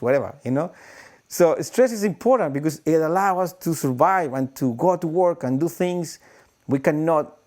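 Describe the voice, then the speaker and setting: Male breathwork teacher, live stream, animated, slightly higher voice, demonstrates breathing with sighs.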